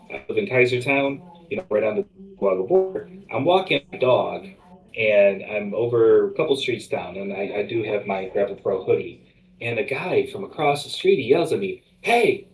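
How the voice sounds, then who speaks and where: A man as a guest in a casual chat, talking haltingly with many restarts. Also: lowish voice, echoey room, rough recording. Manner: halting, full of fillers and restarts.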